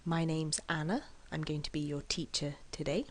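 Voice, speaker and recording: A woman teaching an English lesson, speaking with careful, deliberate enunciation and exaggerated syllable stress. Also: low-pitched, steady tone. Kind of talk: scripted lesson delivery.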